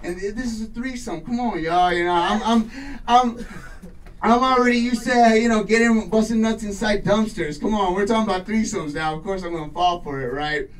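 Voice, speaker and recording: A man doing crude, profane stand-up storytelling in a small garage studio, brash with shouting bursts. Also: sits high, normal speed, distant mic, a little hiss or hum, rough recording. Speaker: stand-up comedian.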